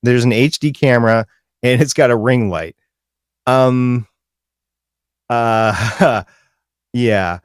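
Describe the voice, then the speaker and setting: A man's voice: medium pitch, takes it slowly, pauses often, clean tone, no room sound, clean studio sound. A man co-hosting a live podcast chat, explaining news in a wry, casual way. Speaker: podcast co-host.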